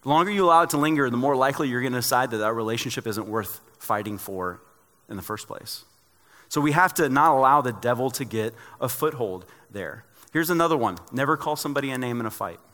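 A male pastor delivers a sermon in a bright, forceful voice. He preaches conversationally and drops in joking stories from his own life. His voice rings with the long reverb of a large church sanctuary. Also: medium pitch, animated, brisk.

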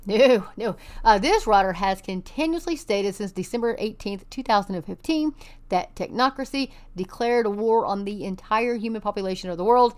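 A woman's voice: medium pitch, brisk, a little mellow. A woman from Texas hosting an online commentary show, reading news articles aloud and adding sarcastic, scoffing asides.

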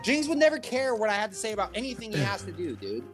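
A man's voice: sits high, huge pitch swings, fast talker, over music. A man co-hosting a stream in casual chat, rambling and emphatic, often repeating himself. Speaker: stream co-host.

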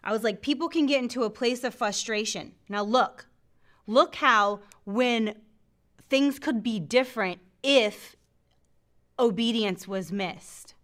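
A middle-aged woman hosts a faith podcast, teaching from the Bible in a fairly high, slow voice. She laughs often and acts out the voices in scripture.

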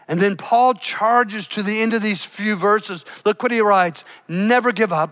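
An older man preaching to a church, his voice high and bright. He delivers the sermon with big swings, booming out some lines and dropping almost to a hush on others. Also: normal speed, hardly any pauses. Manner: emphatic preacher with big swings between loud and hushed. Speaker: pastor.

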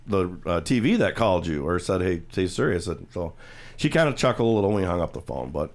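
A man's voice: deep voice, sing-song, quick pace. A man hosting a radio show, casually retelling a TV scene in the studio and acting out the quoted voices. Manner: rambling storyteller, acts out quoted voices. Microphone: studio microphone.

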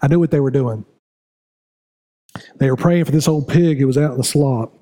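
A man's voice: medium pitch, moderate pace, dark tone. A middle-aged man preaching a sermon as pastor, building to raised, repetitive appeals to his congregation. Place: church sanctuary.

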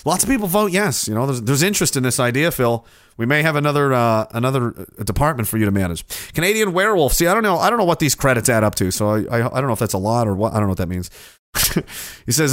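A man hosting a casual livestream who rambles through viewer comments, cynical and quick to swear. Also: medium pitch, very animated, fairly bright tone, no room sound, studio quality. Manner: rambling, profane and cynical, with frequent restarts.

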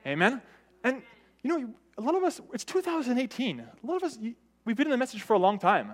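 Male preacher, high voice, conversational sermon delivery that keeps checking in with the congregation. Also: very animated, fast talker. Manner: conversational, often asks "right?"; varies pitch and loudness for emphasis.

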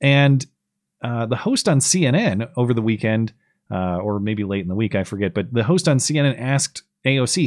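A male host delivering political commentary in a mid-pitched voice. He talks with a sarcastic, mocking edge. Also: animated, moderate pace, dry recording, clean studio sound. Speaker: podcast host.

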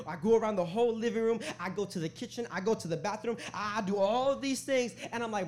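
A man's voice: high voice, fast talker, few pauses, darkish tone. A young man preaching a sermon in a church, joking with the crowd and telling stories in casual slang. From Hispanic family in the US. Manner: hype-man calls to the crowd, jokey; conversational, slangy storytelling. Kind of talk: sermon with prayer and storytelling. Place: church sanctuary.

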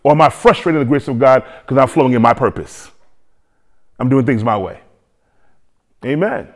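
A man preaching a sermon to a congregation, lively, with joking asides and repeated phrases. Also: mid-range voice, normal speed. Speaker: pastor.

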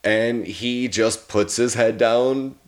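A man's voice: medium pitch, steady tone, slow. Profane laid-back man reviewing a movie. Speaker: podcast co-host. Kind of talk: casual movie review chat.

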